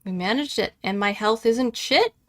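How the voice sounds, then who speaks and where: A woman's voice: fairly high pitch, normal speed, a bit bright. A woman streaming a video game live, chatting casually with her viewers and laughing easily.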